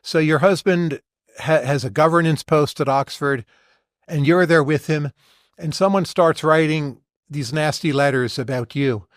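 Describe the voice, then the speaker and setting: A man's voice: a little high, unhurried, no room sound, clean studio sound. An American man hosting an interview, asking direct, analytical questions. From United States. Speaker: podcast host, interviewer.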